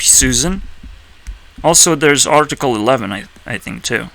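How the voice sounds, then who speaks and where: A man ranting on a video channel, swearing a lot and breaking into sudden high-pitched outbursts. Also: very animated, moderate pace, creaky, a bit bright, poor audio. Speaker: YouTuber. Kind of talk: ranting commentary.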